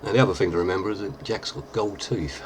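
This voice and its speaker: A deep-voiced man, chatting casually through a makeup tutorial with plenty of fillers. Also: fast, slight background noise. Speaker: lookalike performer giving a tutorial.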